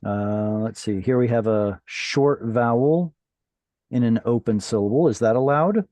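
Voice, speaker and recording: A man's voice: mid-range voice, measured pace, mellow, no echo. A man teaching a Hebrew class over a video call, patiently explaining and quizzing his students.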